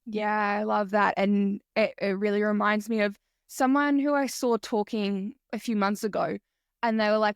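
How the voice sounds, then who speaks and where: A woman's voice: medium pitch, fairly even intonation, normal speed, smooth, no room sound, studio quality. A woman hosting a podcast interview, enthusiastic and casual, swearing freely and acting out quotes. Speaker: podcast host.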